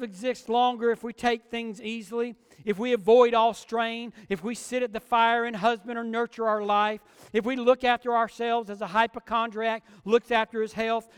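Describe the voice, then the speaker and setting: Male preacher, high clear voice, earnest sermon delivery with questions to the room, long hall reverb. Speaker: pastor.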